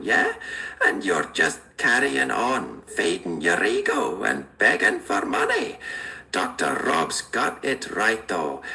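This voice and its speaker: A man's voice: low voice, creaky, bright, forceful tone. A man with a broad Australian accent, scolding someone in exaggerated outback slang as a confrontational role-play.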